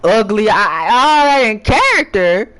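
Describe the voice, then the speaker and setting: Lively rambling young man chatting. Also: sits high, a little slow, low-quality recording. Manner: rambling, repeats and restarts words; playful, teasing. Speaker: gaming YouTuber. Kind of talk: casual advice chat to viewers.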